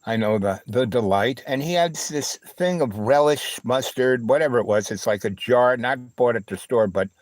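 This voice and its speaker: Over a low-quality recording with no echo, a man with a mid-range voice hosts a livestream and rambles through a long personal story. He speaks haltingly, with many fillers and restarts, often tossing in asides like "you know, right?"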